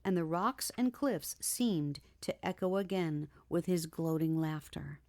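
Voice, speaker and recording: Woman narrator, audiobook, lower register, measured and expressive.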